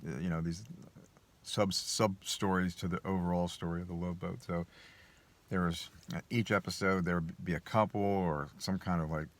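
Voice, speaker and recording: A man telling a personal story in a casual monologue, rambling and hesitant with many restarts. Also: deep voice. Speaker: vlogger.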